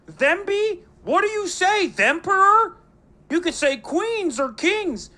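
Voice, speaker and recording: A man's voice: very high voice, sing-song, slow pace, bright, forceful tone, voice pushed up, heavily acted. A man putting on a mocking caricature of an older male pundit, whiny and melodramatic.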